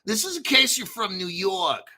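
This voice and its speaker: A man hosting a crypto video in a casual, blunt and profane rant, clearing his throat often. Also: sits high, very animated, moderate pace, sharp tone. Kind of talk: casual ranting commentary.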